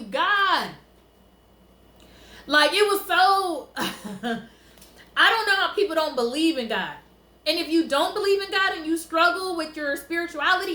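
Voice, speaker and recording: Animated woman telling a story in an echoey room. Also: high voice. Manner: animated, emotional, laughs often. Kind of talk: casual storytelling.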